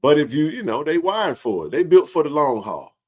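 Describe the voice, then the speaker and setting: A man hosting a casual sports livestream, animated and joking in colloquial speech. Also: a little high, fairly quick. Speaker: sports talk show host.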